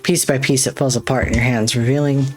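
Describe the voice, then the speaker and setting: A gamer lends a voice to a masked game playwright who only tells tragic endings, speaking with courtly, theatrical politeness and a quiet melancholy underneath. The pitch sits in the middle, and soft game music hums far behind. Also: steady tone, a little fast, close to an everyday voice. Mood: wistful.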